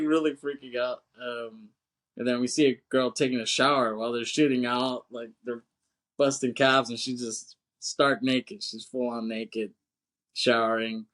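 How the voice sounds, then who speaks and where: A man's voice: medium pitch, steady tone, unhurried, a bit bright. Man in rambling, profane podcast banter. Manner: rambling, profane, laughing often, acts out film lines. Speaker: podcast co-host. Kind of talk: casual film chat.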